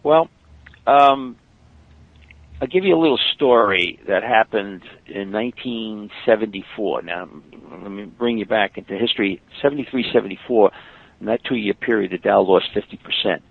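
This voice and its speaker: A man's voice: fairly low pitch, moderate pace, gravelly, no room sound. An older man, a market technician telling stories in a podcast interview, emphatic and full of fillers. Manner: storytelling, emphatic, many fillers. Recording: dry, tinny phone-like line.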